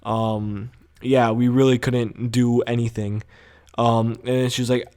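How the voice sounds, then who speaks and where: A young man tells a school story to his vlog audience in a loose, rambling way. He swears freely and fills his sentences with ums, likes and sos. His voice sits at an ordinary middle pitch for a man. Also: unhurried. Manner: rambling, profane, animated storytelling with many fillers. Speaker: vlogger.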